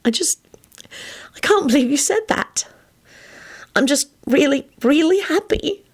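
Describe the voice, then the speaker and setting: A woman voicing an excitable young woman in love. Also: fairly high pitch, moderate pace, voice pushed up. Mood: emotional.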